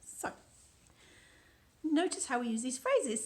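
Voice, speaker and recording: Chatty British woman, higher-pitched, reading her own book aloud with playful asides; author sharing an excerpt. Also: very animated, fairly quick, darkish tone. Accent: British English. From United Kingdom. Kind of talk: casual book reading with commentary.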